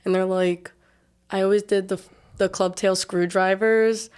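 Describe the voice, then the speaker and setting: A young woman guesting on a podcast, telling a college party story in a relaxed, drawn-out way. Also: mid-range voice, smooth. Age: young adult. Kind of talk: casual chat.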